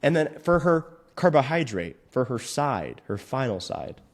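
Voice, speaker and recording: A man's voice: mid-range voice, big pitch swings, unhurried. A male fitness coach in a profane, mock-outraged comedic rant, swearing constantly.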